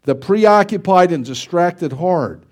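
A man's voice: sits high, animated, slow. A middle-aged man from the United States, preaching in a folksy, conversational way with many rhetorical questions. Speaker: pastor. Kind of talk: sermon.

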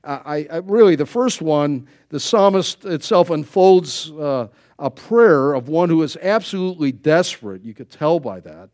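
An older male pastor preaching a sermon in a fairly high voice that rises and falls a lot. He talks in a folksy, conversational way, with joking asides and questions thrown out to the congregation. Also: lively intonation, measured pace, few pauses, darkish tone.

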